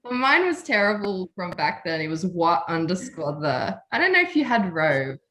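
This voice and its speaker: A woman's voice: lowish voice, sing-song, moderate pace, a bit bright. A woman hosting a podcast, chatting casually and effusively, often laughing and emotional. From Australia. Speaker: podcast host. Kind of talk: casual chat.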